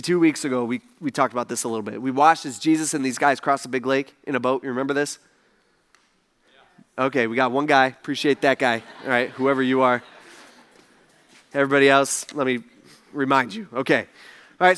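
A man's voice: mid-range voice, a bit bright. A male pastor preaching a sermon in a conversational, storytelling way, often turning to ask the congregation questions.

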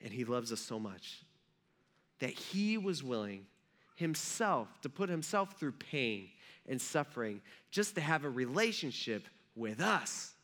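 Bright-voiced storytelling preacher. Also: male voice, mid-range voice, very animated, a little slow. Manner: conversational storytelling with rhetorical asides. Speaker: pastor. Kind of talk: sermon.

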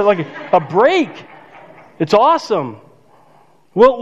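An older man preaching a sermon as pastor, conversational and self-joking, laughing at his own remarks. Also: high voice. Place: church sanctuary. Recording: dull reverberant church hall.

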